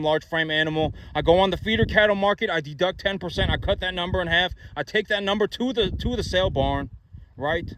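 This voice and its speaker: A man's voice: on the high side, fairly bright tone. A man talking about farming and investing, blunt and repetitive, often tacking on "right?" and "you know". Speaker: farmer and investment vlogger. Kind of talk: blunt opinion monologue. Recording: noisy background.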